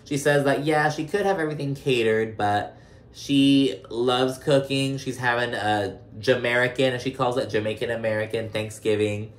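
A man's voice: medium pitch, fairly even intonation, normal speed. A man recapping a reality show in casual, profane commentary full of fillers. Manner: chatty, profane, lots of fillers. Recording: roomy echo.

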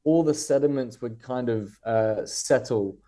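A man's voice: mid-range voice, a little slow, dark tone. A man with an Australian accent, a guest writer talking casually in a podcast interview, rambling and thoughtful with many fillers and restarts.

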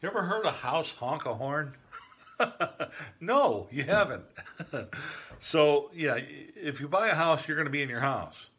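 A man's voice: fairly high pitch, bright, forceful tone. Joking sixty-year-old man rambling to camera. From northern Michigan, USA. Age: 60s. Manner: joking, rambling, chuckles at his own jokes. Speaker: vlogger. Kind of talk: casual monologue to camera.

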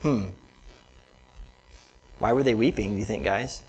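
A man preaching a conversational Bible study sermon to a congregation, animated and direct, with asides to the listeners. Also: fairly low pitch, measured pace, rough recording. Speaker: pastor.

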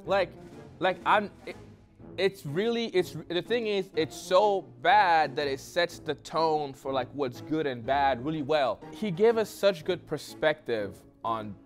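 A man on a comedic dating show, speaking haltingly in a put-on foreign accent that keeps slipping. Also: on the high side, expressive, soft background music.

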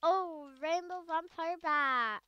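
A woman giving casual gameplay commentary on her own video, chatty and excitable, rambling with fillers. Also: very high voice, slow, dry recording, muffled recording. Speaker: gaming video creator.

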